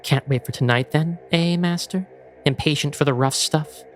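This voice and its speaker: A man's voice: on the high side, moderate pace, soft background music, pitched above the performer's own voice, lightly acted. Creepy groveling male servant, oily and servile, read by a man. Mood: leering. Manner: oily, servile, turns menacing. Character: fawning, sinister male servant of a vampire.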